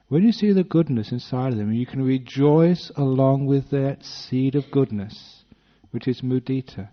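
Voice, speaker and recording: An older English man speaks as a Buddhist monk giving a dharma talk, with an even, mid-range voice. He tells the story with a light, humorous touch and slips into small voices for the people in it. The recording sounds dull and lo-fi. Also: medium pitch. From British-born, based in Western Australia.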